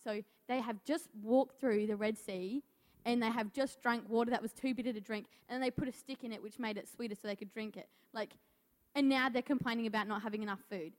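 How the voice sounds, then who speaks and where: A woman's voice: on the high side, steady tone, a little fast. A nervous young woman giving a church message, reading and stumbling over words. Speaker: youth speaker. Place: church hall. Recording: long hall reverb.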